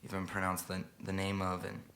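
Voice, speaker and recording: A man quietly murmuring a story as the spoken intro of a song. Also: sits low, completely flat delivery, fairly quick, vocal fry. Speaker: singer telling a story before a song. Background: plucked guitar music.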